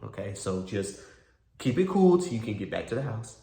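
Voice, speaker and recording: A man voicing a worried father who gives calm, measured advice, in a roomy recording. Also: on the low side.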